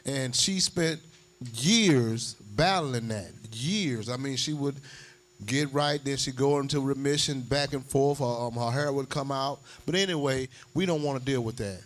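A man from the congregation speaks about his own life in a halting, conversational way. His voice sits at an ordinary pitch. Nothing about it is put on. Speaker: congregation member sharing testimony. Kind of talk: personal testimony.

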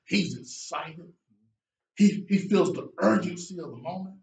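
Dynamic male preacher in an echoey church. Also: slight background noise. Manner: dynamic preaching, shouting and dropping low for emphasis. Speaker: guest preacher. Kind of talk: sermon. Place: church sanctuary. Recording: echoey church room from far off.

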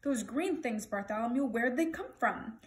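A woman's voice: a little high, lively intonation, moderate pace, close to an everyday voice. Woman doing a flustered sleepy trumpeter.

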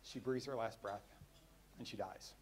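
A middle-aged man giving a personal storytelling speech at a luncheon, dropping quiet for the sad parts. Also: lowish voice, unhurried, slight background noise. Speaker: keynote speaker at a luncheon. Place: banquet hall.

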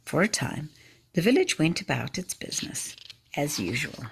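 A woman reads a story aloud at a church service with a low, gravelly voice. Her tone is very husky, and she paces each sentence with measured, expressive care.

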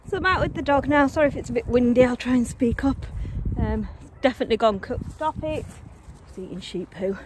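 A woman's voice: on the high side, fairly quick, darkish tone, a little hiss or hum. A young woman, chatting casually in a vlog and often talking to her dog. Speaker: vlogger.

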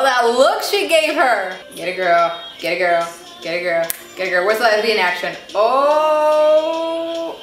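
A woman's voice: fairly high pitch, fairly bright tone. A young woman reacting to videos with casual commentary, gasping, squealing and gushing over what she watches. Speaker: reaction vlogger. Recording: echoey room with faint music.

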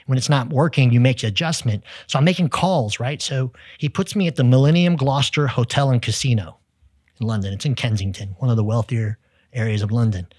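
A Texan man, a sales executive, telling lively business stories as a podcast guest, acting out the people in them. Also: mid-range voice, a little fast, husky, dry recording, studio quality. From United States. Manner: energetic, tells stories with quoted dialogue. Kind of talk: storytelling in conversation.

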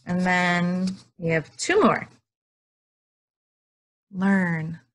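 A woman's voice: lowish voice, a bit bright. A woman teaching young children from her couch at home, drawing out words and cheering them on in a sing-song way. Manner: slow, drawn-out words with sing-song prompts. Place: living room at home.

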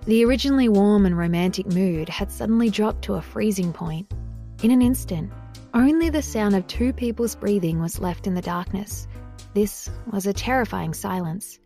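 A woman narrating an audiobook in an even, measured reading. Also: medium pitch, soft background music.

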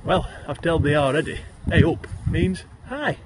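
A man's voice: a little high, expressive, a little slow, noisy background. A man with a broad Yorkshire accent reciting comic rhyming verse, addressing the listener as thee. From Yorkshire, England.

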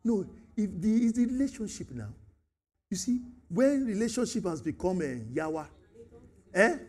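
Animated Nigerian pastor, high lively voice. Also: male voice, normal speed. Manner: animated, acts out dialogues, mixes in Pidgin and Yoruba. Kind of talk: sermon.

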